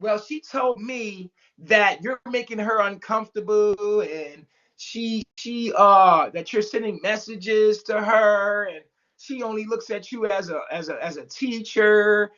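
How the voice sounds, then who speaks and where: A man's voice: high-pitched, unhurried, fairly bright tone, highs cut off. A man telling a story in casual talk, acting out every quote with big jumps in his voice and swearing freely. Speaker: storyteller guest. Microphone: remote call mic.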